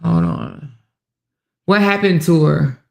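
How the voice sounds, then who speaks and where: A woman's voice: lowish voice, takes it slowly, vocal fry, a little mellow. A woman hosting a casual livestream commentary, chatty, laughing often and reading comments aloud. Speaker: commentary host.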